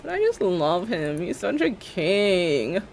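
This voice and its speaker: A woman's voice: fairly low pitch, very animated, slow, gravelly, a little mellow, a little hiss or hum. Laughing, rambling woman streamer. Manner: rambling, laughs often, joking. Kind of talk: casual live-stream chat while building in a game.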